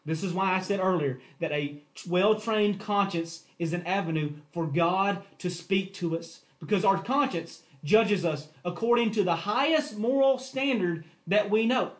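A man preaching a sermon to his church, rising to emphatic points and dropping to quiet appeals. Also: high voice, unhurried, few pauses. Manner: preaching with emphatic rises and hushed drops. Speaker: pastor.

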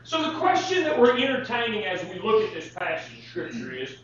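A man's voice: high voice, huge pitch swings, fairly quick, fairly bright tone, slight background noise. A male preacher delivering a sermon, reading scripture and putting rhetorical questions to the congregation. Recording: very echoey hall, distant mic, dull lo-fi sound.

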